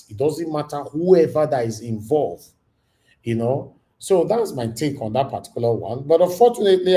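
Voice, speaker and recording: A man's voice: on the high side, warm tone, low-quality recording. A Nigerian man hosting a livestream, giving indignant commentary and slipping into Pidgin. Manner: indignant, preachy, mixes in Pidgin. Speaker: livestream host.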